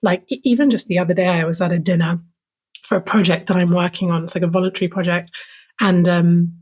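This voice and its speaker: A woman's voice: fairly low pitch, fairly even intonation, quick pace, a little mellow, breathy edge. A woman guest on a podcast, speaking casually and frankly about her own experiences, with many fillers of "like". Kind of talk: candid personal storytelling in conversation.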